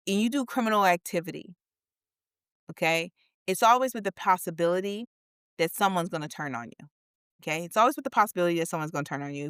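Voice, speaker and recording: A woman's voice: fairly low pitch, fairly bright tone, clear, resonant tone, dry recording. Emphatic woman podcast co-host, dry sound. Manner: emphatic and repetitive, drawing out points. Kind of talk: casual chat.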